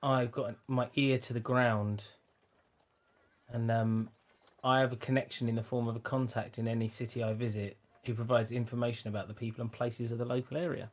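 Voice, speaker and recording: A man's voice: mid-range voice, little pitch movement, brisk. A man playing a tabletop game, talking in a cocky, jokey way and calling everyone "mate". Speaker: player. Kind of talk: casual tabletop role-play.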